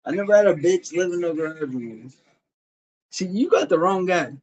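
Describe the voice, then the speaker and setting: A man's voice: sits high, lively intonation, normal speed, darkish tone. A man from Illinois on a livestream, arguing with his chat in a profane, confrontational, trash-talking way. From Champaign, Illinois, USA. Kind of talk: heated livestream argument.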